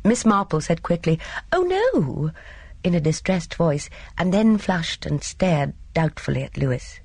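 A woman narrating an audiobook in an expressive, measured storytelling manner. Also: low voice, husky, no echo.

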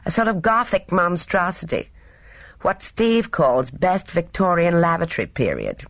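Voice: medium pitch, big pitch swings, a little slow, a bit bright, no echo, voice pushed up. A reader voicing a cheerful, careless young woman who chatters in airy, slangy upper-class talk. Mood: breezy.

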